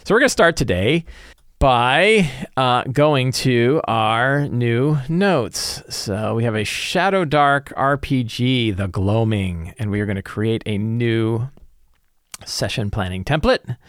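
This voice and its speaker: Man, game master, casual animated recap, filler-heavy, mid pitch, dry close sound. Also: slow pace, no room sound. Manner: animated retelling with many fillers. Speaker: game master and tabletop gaming creator. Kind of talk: casual session recap and prep talk.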